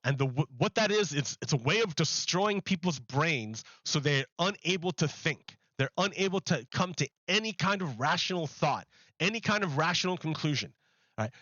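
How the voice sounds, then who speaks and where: Bright-voiced man ranting sarcastically. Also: a little high, animated, normal speed, no echo, dull audio. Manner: profane, sarcastic, heated. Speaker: streamer host. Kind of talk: ranting commentary over clips.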